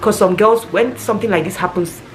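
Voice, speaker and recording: A woman's voice: mid-range voice, a little fast, a little hiss or hum. A woman talking casually and earnestly, giving rambling advice like a vlogger.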